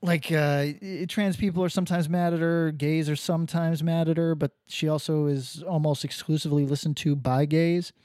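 A man's voice: on the high side, steady tone, moderate pace, few pauses, darkish tone, no room sound, studio quality. A man co-hosting a casual podcast, rambling and sardonic, swearing freely. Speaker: podcast co-host.

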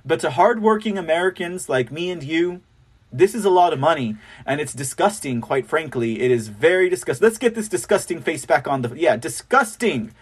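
A man's voice: on the high side, animated, moderate pace, slightly rough. A man hosting a political commentary show, talking in a scornful, mocking way and repeating words for emphasis. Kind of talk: opinionated commentary.

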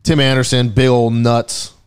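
A man's voice: mid-range voice, flat delivery, normal speed, clear, resonant tone. A man co-hosting a podcast, chatting loosely with lots of fillers and swearing. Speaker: podcast co-host. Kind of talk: casual chat.

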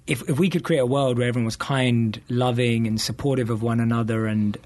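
A man's voice: medium pitch, fairly even intonation, fairly quick, darkish tone. A man in his thirties, a podcast guest, answering in an eager, rambling way as he thinks aloud. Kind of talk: casual podcast interview.

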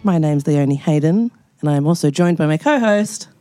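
A woman's voice: low voice, lively intonation, fairly quick, mellow, soft background music. A woman co-hosting a casual podcast, welcoming listeners. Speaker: podcast co-host. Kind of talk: casual group podcast chat.

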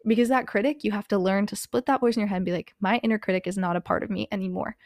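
With a mid-range, slightly mellow voice and fairly even intonation, she talks very fast in a dry, studio-quality recording. The speaker is a young podcast host of Hispanic heritage, country unstated, whose candid motivational chat is casual and heavy on fillers like "like" and "um."

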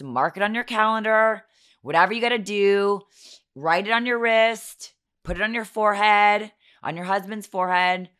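A low-pitched woman in her thirties with a hoarse, scratchy voice. She hosts a casual podcast and chats in a giggly, self-mocking way. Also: fairly bright tone. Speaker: podcast host. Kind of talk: casual chatty storytelling.

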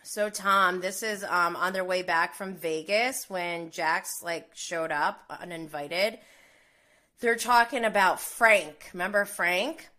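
A woman's voice: lowish voice, steady tone, slow pace, pushed and bright. A woman in her thirties chatting casually about reality TV gossip, full of "like"s, with indignant outbursts. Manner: chatty, many "like"s, laughs between lines. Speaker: reality TV commentator.

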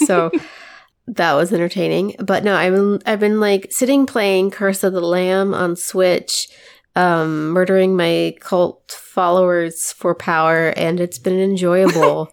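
A woman co-hosting a podcast, croaky from a cold, chatting in a rambling, wry way. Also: fairly low pitch, steady tone, unhurried. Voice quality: gravelly. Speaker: podcast co-host. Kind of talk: casual chat.

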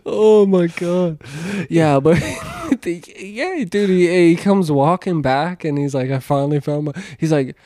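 Man with a fairly high voice, loose swearing storyteller, dry close mic. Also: measured pace, mellow, dry recording. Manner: swearing, laughing, acts out quotes. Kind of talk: casual storytelling.

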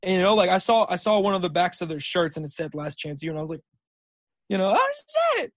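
A young man with a high voice and fairly even intonation talks fast as a podcast guest, with no room sound. He's a junior college football player, casually chatting and telling laid-back, rambling stories laced with "dude" and "like".

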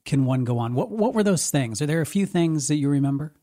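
A man hosting an interview, asking gentle, thoughtful questions in a measured way. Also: on the high side, animated. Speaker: podcast host.

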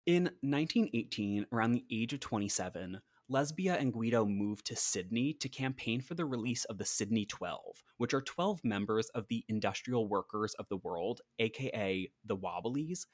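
A man's voice: on the low side, lively intonation, normal speed, few pauses, no room sound, clean studio sound. A man co-hosting a podcast, telling a history story in a chatty, casual way with lots of "like". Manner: chatty, uses "like" often, acts out quotes. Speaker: podcast co-host.

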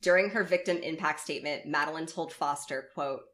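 A woman's voice: low-pitched, brisk, a bit bright. A woman co-hosting a podcast, reading a true story aloud and breaking in with blunt, profane asides. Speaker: podcast co-host. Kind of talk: narrating a true story in casual chat.

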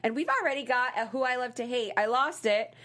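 A woman's voice: a little high, fast talker, fairly bright tone. A woman co-hosting a casual TV fan chat show, chatty and teasing with her co-host.

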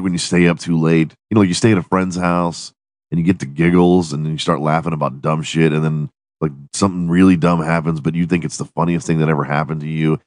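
A man's voice: a bass voice, darkish tone, dry recording, studio quality. A man hosting his podcast in a profane, rambling, giggly solo monologue. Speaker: podcast host.

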